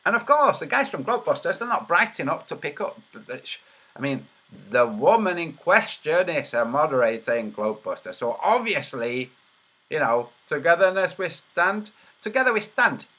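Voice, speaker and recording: A man's voice: on the high side, big pitch swings, moderate pace, pushed and bright. A man hosting a casual livestream, muttering to himself while he searches and then commenting in a mocking, sarcastic way. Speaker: video host.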